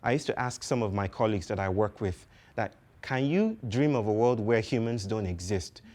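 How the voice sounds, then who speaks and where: A man's voice: on the low side, moderate pace, a little mellow. Poetic man giving a public talk. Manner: poetic, philosophical, emphatic with repetition. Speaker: speaker.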